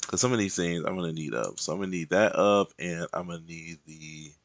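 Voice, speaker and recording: A man's voice: deep voice, brisk. A man chatting casually while he works on digital art, rambling and playful, drifting into humming and little songs between remarks. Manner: rambling and playful, hums and sings to himself. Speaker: digital artist and content creator.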